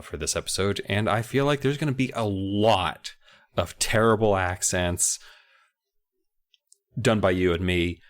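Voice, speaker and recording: A man co-hosting a comedy podcast, chatting casually and joking, sometimes stammering as he starts. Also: fairly low pitch. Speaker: podcast co-host.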